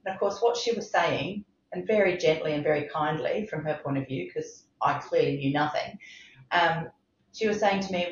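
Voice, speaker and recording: A woman's voice: sits low, normal speed. A middle-aged woman, a medical director, speaking emphatically in a podcast interview. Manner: impassioned, emphatic, repeats for stress. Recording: roomy, slightly dull sound.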